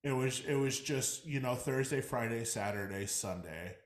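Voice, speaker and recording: A man's voice: mid-range voice, normal speed. A man co-hosting a podcast, chatting loosely, swearing freely and repeating himself. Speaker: podcast co-host. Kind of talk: casual chat.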